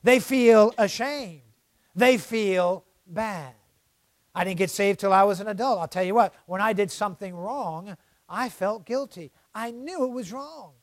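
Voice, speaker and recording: A man preaching a sermon in a strikingly high voice, building to shouted cries and then dropping to near-murmurs. He strings phrases together with "uh" fillers. The sound is close and dry with no room echo. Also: unhurried. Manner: impassioned, swings from loud outbursts to hushed low delivery.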